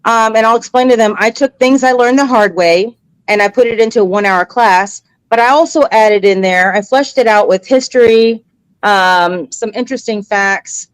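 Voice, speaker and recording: A woman's voice: a little high, moderate pace, clear, resonant tone, no room sound, poor audio. A middle-aged American woman, an interview guest, telling stories in an earnest, emotional way and acting out the voices she quotes. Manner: animated, acts out quoted voices. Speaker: interview guest, cigar educator. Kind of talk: casual conversational storytelling.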